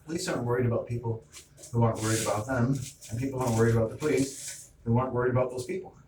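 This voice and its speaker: In a noisy, roomy recording from a distant mic, a middle-aged vlogger rants in an agitated monologue at a racing pace. His medium-pitched voice stays steady as he retells an argument through quoted back-and-forth.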